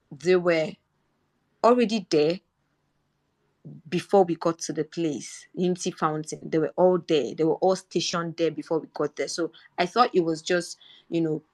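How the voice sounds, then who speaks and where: A woman's voice: sits low, a little mellow. A young Nigerian woman with a Nigerian accent, telling a personal story in earnest in a live audio chat. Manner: earnest storytelling, rising indignation when quoting herself. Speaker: Twitter Space speaker.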